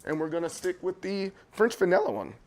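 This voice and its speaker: Man, higher-pitched, rambling livestream host, chatty, talks to viewers, home kitchen, handheld camera. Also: very animated, brisk, darkish tone. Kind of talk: casual livestream chat.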